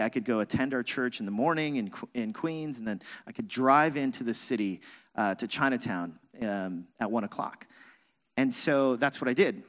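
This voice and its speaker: A man preaching as a pastor, telling a self-mocking personal story with lively, animated delivery. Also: mid-range voice. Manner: animated, self-mocking, acts out his own past shouting. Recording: reverberant hall.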